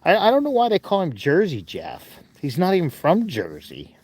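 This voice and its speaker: A man's voice: high voice, wildly swooping pitch, normal speed, darkish tone, slightly rough, no room sound, exaggerated voice. A man voicing a folksy contented longhorn steer.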